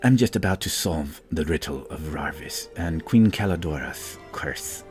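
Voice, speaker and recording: A man's voice: very deep voice, expressive, normal speed, darkish tone, faint music behind. A man narrating a tabletop game as game master, describing scenes loosely and with frequent fillers.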